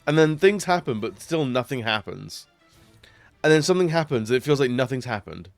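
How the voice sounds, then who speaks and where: A man's voice: medium pitch, animated, a little fast, creaky, no echo, soft background music. A man chatting casually on a live stream while gaming, rambling with lots of fillers and frequent laughs.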